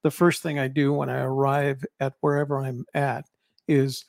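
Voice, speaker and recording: A man's voice: mid-range voice, level tone, normal speed, gravelly, dry recording, studio quality. An older man, a co-host and author, talking in a rambling, reflective way with many restarts in a casual chat.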